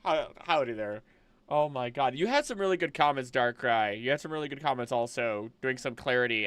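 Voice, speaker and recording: A man's voice: medium pitch, a bit bright, clean tone, no echo. A young man hosting a casual live stream from home, rambling and chatting and laughing often. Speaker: livestream host. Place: home room.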